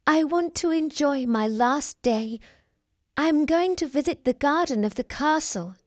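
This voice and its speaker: Storybook heroine, young, kind and brave, read by a woman; unhurried, with plenty of melody. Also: sits high, expressive, dry recording, pitched above the performer's own voice. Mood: earnest.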